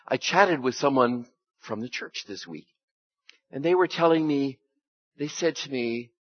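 A man's voice: medium pitch, sing-song, moderate pace, slightly rough. A man giving a conversational sermon as a pastor, folksy in manner and often asking the congregation rhetorical questions. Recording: dull lo-fi recording.

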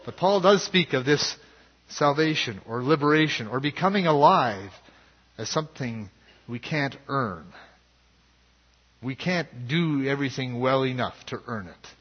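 A man preaching a sermon as pastor, in a measured and earnest way. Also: mid-range voice, animated, slightly rough. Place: church sanctuary. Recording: dull lo-fi sound with long hall reverb.

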